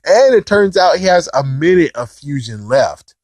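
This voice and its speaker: An excitable young man recaps an anime episode in loose, casual chat, laughing and swearing as he goes. His voice sits a bit high for a man and swings widely in pitch. The recording is dry and close, with no room sound. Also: normal speed, no room sound. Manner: excitable, laughs often, swears, puts on characters' lines.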